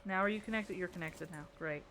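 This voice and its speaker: A woman's voice: on the low side, fast talker, a bit bright. Chatty woman streamer muttering while building. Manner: chatty, talks to herself and chat, playful muttering.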